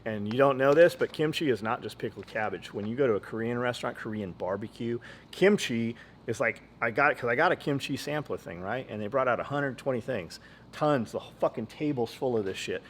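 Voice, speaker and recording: A man's voice: mid-range voice, animated, brisk. Guy hosting a podcast, cursing a lot, rambly and blunt, bit of hiss behind. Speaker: podcast host. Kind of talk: casual podcast chat.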